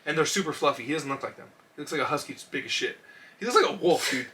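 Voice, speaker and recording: A man co-hosting a casual comedy podcast, telling stories with lots of swearing and bursts of shouting. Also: a little high, animated, very fast. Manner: profane storytelling, shouts when acting out scenes. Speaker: podcast co-host.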